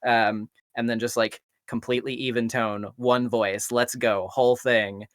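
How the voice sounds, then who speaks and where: A man hosting a charity livestream, talking in a rambling, hesitant way with many pauses. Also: medium pitch, little pitch movement, no echo. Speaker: stream host, voice actor of the project. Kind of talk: casual chat on a charity livestream.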